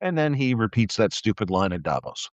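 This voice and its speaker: This older man's voice sits fairly low and moves in a brisk, sing-song way as he delivers an angry political rant on a livestream. He mocks and swears, stumbling into restarts once he's worked up. The sound is dull, dry, lo-fi stream audio without echo.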